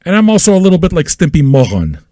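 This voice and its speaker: Male pirate-radio host, fairly high and very animated, loud and crude, dry close sound. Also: fast talker, no room sound. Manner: loud, manic and crude, with yelling and repetition; talks straight at listeners with repeated questions. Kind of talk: profane ranting monologue.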